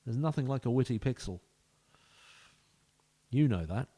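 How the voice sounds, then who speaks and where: A man's voice: mid-range voice, expressive, normal speed, dark tone. A man giving casual, jokey let's-play commentary as a gaming video host, bantering with the players in the game.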